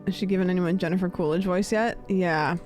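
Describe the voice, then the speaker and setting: A woman's voice: fairly low pitch, fairly even intonation, fairly quick, darkish tone, soft background music. A woman streaming a game, chatting casually and thinking aloud.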